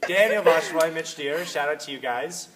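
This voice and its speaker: A teenage boy, a high school runner, answering casually with hesitant, filler-heavy talk. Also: normal speed, a bit bright. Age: late teens. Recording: distant mic, faint hiss.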